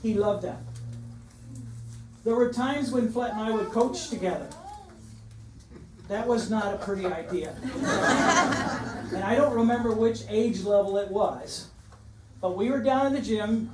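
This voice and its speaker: A man's voice: high-pitched, normal speed, pauses often, darkish tone. A man in his seventies, a retired teacher and coach, giving a joking but emotional dedication speech in a large school gym. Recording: echoey gym, distant mic, background noise.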